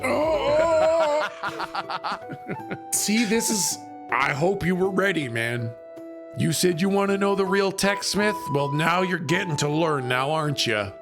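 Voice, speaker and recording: A man live-streaming and chatting casually with viewers, his voice worn and hoarse, laughing often and bursting out loudly. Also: high-pitched, animated, slow pace, music in the background. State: voice going, hoarse.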